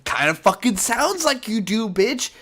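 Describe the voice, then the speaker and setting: A man voicing an angry teenage boy pilot who yells and swears at his mother. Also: high voice, big pitch swings, a little slow, voice pushed up, full character voice. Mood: furious. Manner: yelling, swearing.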